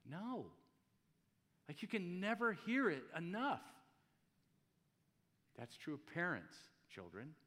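A man's voice: on the high side, huge pitch swings, slow pace, long pauses, fairly bright tone. A man pastor giving a casual, joking sermon in a church, asking his congregation rhetorical questions. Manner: conversational, jokey preaching with rhetorical questions. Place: church hall. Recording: long hall reverb.

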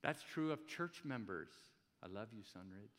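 A man's voice: on the low side, expressive, moderate pace, a bit bright. A man pastor giving a casual, joking sermon in a church, asking his congregation rhetorical questions. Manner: conversational, jokey preaching with rhetorical questions. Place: church hall. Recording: long hall reverb.

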